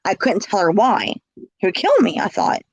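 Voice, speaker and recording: A woman's voice: mid-range voice, sing-song, moderate pace, slightly rough, lo-fi sound. A woman telling her own story in casual speech, blunt and emphatic, often repeating words.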